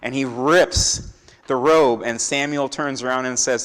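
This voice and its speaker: A man's voice: medium pitch, fairly even intonation, measured pace, a bit bright. Man teaching scripture in an echoey church. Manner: acts out biblical characters' lines with shifting voice. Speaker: Torah teacher. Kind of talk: Bible teaching. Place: church sanctuary. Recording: echoey hall with long reverb.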